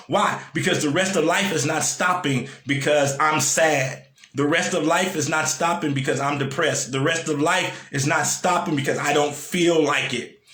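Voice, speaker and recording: A man speaks in a casual motivational style, hammering points home by saying them again and asking his listeners direct questions. His voice sits a bit high for a man. The sound is roomy, with a clear echo around him. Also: a bit bright. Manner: conversational, repeats lines for emphasis, asks the listener questions. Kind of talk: casual motivational talk to an online audience.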